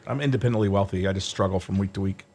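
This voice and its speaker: A man's voice: low-pitched, racing, a little mellow, husky. A man co-hosting a morning radio show, trading dry, teasing, offhand remarks in casual banter.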